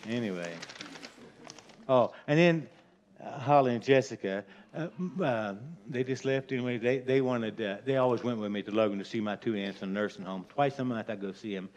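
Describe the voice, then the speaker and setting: A man's voice: mid-range voice, brisk, a little mellow. An older man tells a rambling, folksy anecdote, hurrying from one detail to the next. He chuckles at his own mischief as he goes. The recording is dull and lo-fi, with the top end rolled off. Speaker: storyteller. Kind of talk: casual spoken anecdote.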